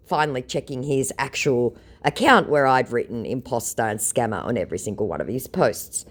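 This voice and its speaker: A woman's voice: a bass voice, expressive, fairly quick, hardly any pauses. A woman vlogger telling the story of her chats with scammers in a sarcastic, mocking way. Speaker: vlogger recounting scam chats. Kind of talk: casual storytelling.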